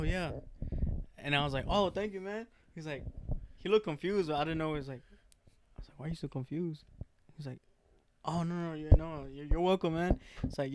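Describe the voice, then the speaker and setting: A young man co-hosting a casual podcast, telling stories between laughs and acting out what people said. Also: a little high. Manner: laughing storyteller, acts out quotes. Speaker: podcast co-host. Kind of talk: casual chat among friends.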